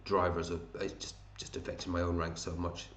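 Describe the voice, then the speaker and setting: Chatty deep-voiced man, echoey room. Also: flat delivery, fairly quick, fairly bright tone, slight background noise. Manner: chatty, matey, thinks aloud, hums to himself. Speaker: fantasy football league host. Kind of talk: casual commentary over a screen.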